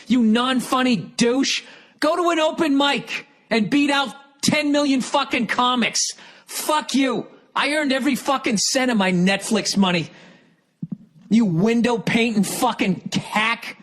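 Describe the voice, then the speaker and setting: A middle-aged man rants on a comedy podcast, cursing hard and shouting now and then. His voice sits notably high for a man. The delivery is blunt and heated throughout. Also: measured pace. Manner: profane, angry ranting with shouted outbursts. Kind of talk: ranting comedy podcast monologue.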